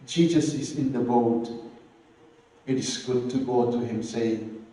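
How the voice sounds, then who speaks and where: Slow echoey preacher man. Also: mid-range voice, steady tone, mellow. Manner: slow, earnest preaching with repeated phrases and emphatic rises. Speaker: pastor. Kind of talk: sermon. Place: church hall. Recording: echoey church hall, voice from a distance.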